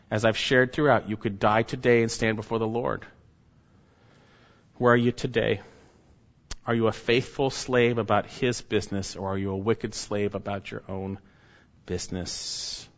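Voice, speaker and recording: A man's voice: medium pitch, steady tone, normal speed. Man preaching an urgent sermon, reverberant hall. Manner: emphatic, urgent, with sharp rises and hushed drops. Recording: dull sound, long reverb of a church hall.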